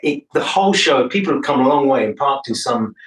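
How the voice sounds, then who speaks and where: A man's voice: mid-range voice, lively intonation, brisk, a bit bright. An older man, a musician guest, telling stories in a chatty, jokey way during an interview. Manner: chatty, jokey storyteller, laughs often. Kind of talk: casual interview chat. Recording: roomy, from a distance.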